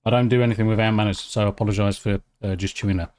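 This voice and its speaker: A British man chatting casually on a live stream. He reacts excitably to chat and swears freely. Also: fairly low pitch, racing. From United Kingdom. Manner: excitable, swears freely, talks while eating.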